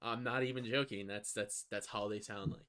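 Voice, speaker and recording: A man's voice: lowish voice, steady tone, normal speed, fairly bright tone. A man hosting a casual podcast chat, laid-back, swearing and laughing often. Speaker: podcast host.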